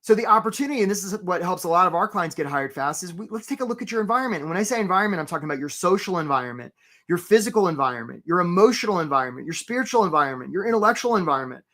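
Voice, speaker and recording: A man hosting a live career webinar. He talks with energy, keeps asking "right?" and gives quick shout-outs to viewers. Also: sits high, animated. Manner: acts out voices for stories, playful.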